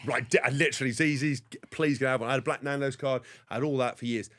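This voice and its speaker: A man in his forties, a former rugby player from England, telling rambling, animated stories as a podcast guest. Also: mid-range voice, rapid-fire. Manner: rambling, animated anecdotes with frequent restarts. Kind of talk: casual interview storytelling.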